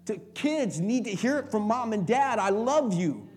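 A middle-aged male pastor preaching a sermon, swinging from quiet talk to shouted, impassioned passages. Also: high-pitched, expressive, moderate pace.

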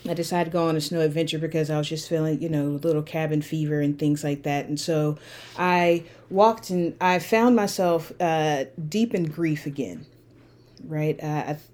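A woman with a lowish voice hosts a solo podcast, speaking earnestly and reflectively. Her delivery turns impassioned and heated as she goes on. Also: moderate pace, darkish tone. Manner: earnest, impassioned, rising to anger. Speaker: podcast host.

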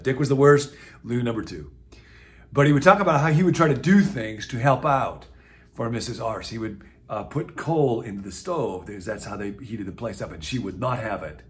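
A man in his sixties from the US Midwest, a pastor talking reflectively to camera in a video series with a conversational, musing manner and gentle asides. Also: fairly low pitch. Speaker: pastor and teacher.

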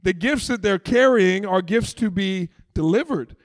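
A middle-aged man delivers a sermon in a high, light voice. He preaches in a conversational, animated way with playful asides. The sound is close and dry, with no room echo. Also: unhurried. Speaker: pastor.

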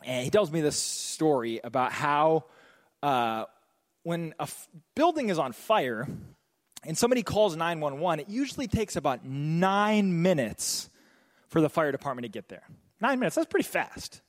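A young pastor preaches in a high, lively voice that swoops up and down. He jokes and drops into quick voiced asides. The sound rings with the long reverb of a church hall. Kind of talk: sermon.

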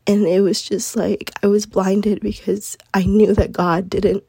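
A young woman talks earnestly on her own podcast, her voice groggy and husky from being under the weather. The tone is dark and mellow, recorded dry and close with no room sound. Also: mid-range voice, level tone, measured pace, no room sound. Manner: earnest, chatty, lots of fillers. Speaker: podcast host. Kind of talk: casual solo podcast talk.

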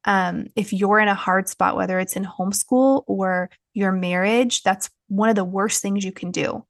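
A woman's voice: medium pitch, steady tone, normal speed, gravelly, dry recording. Candid chatty woman podcaster, dry sound. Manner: frank and chatty, many fillers. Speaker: podcast host. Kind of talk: candid personal podcast talk.

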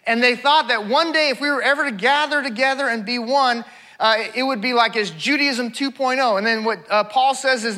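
A man's voice: extremely high pitch, bright, forceful tone. A middle-aged male pastor preaching a sermon, repeating his key points for emphasis.

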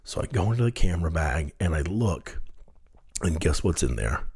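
A man with a low, husky voice tells a story from his past on his podcast. He speaks in an animated way, chuckling at his own mishaps as he goes. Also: moderate pace. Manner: animated storyteller, laughs at himself. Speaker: podcast host. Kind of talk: storytelling monologue.

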